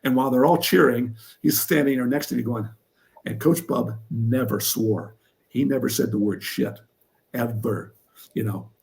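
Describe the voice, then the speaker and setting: An older man from Pennsylvania, a former wrestler and coach, telling stories in an interview with lively energy. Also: medium pitch, moderate pace, creaky. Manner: animated storyteller who acts out what others said. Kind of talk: storytelling in an interview.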